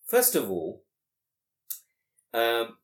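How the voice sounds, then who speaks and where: A man teaching a class on Quranic grammar, explaining with many rhetorical questions and quick Arabic recitation. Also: medium pitch, wildly swooping pitch. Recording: echoey room.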